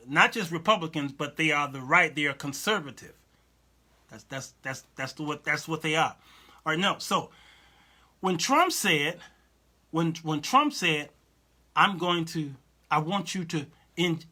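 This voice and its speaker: A man hosting a Christian talk show, commenting casually, often repeating himself and checking that listeners follow him. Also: a little high. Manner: animated, repetitive, asks listeners "you understand what I'm saying?"; reads and answers viewer comments aloud.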